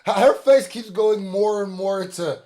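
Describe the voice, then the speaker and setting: A man's voice: high voice, normal speed, warm tone. A man hosting a reaction video, talking casually with slangy asides and laughter.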